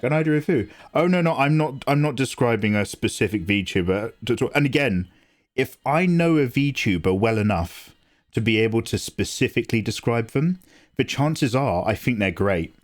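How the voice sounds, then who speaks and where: A man in his forties chatting casually on a live drawing stream, animated and self-deprecating, swearing freely. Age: 40s. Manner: mocks others with squeaky high voices. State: tearing up, emotional. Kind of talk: casual livestream chat. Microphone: desk mic, no camera.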